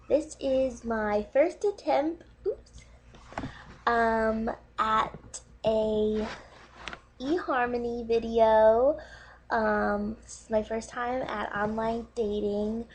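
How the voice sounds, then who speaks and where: A nervous, emotional woman talking haltingly on a dating video, pausing with many fillers and close to tears. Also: on the high side, husky. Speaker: online dating video maker.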